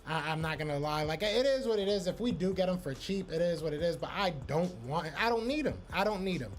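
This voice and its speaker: A man's voice: fairly high pitch, fast talker, a little hiss or hum. A man hosting a live podcast stream, casually reacting to chat and repeating himself. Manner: loose, repetitive, talks to chat by name.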